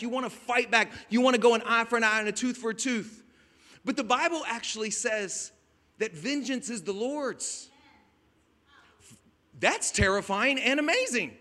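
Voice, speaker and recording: A man preaching a conversational sermon as a pastor, rising to emphatic shouts. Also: very high-pitched, normal speed, in a large hall. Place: outdoors at a beach gathering.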